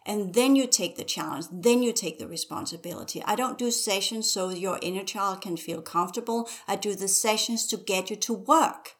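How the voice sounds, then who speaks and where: A woman's voice: medium pitch, normal speed, few pauses. A woman teacher speaking as a podcast guest, urgently exhorting listeners with strings of rhetorical questions. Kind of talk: podcast conversation.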